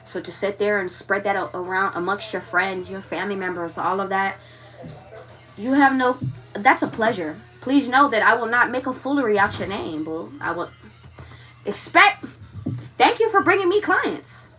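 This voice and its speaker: A woman's voice: medium pitch, normal speed, pushed and bright, far from the mic, soft background music. A woman giving a live tarot reading, talking frankly and with animation straight to her viewers. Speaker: tarot reader.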